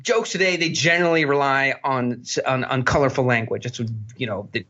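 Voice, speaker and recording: A man talking as a podcast guest, telling blunt, animated stories and swearing freely. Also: medium pitch, a little fast, dull audio. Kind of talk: storytelling interview talk.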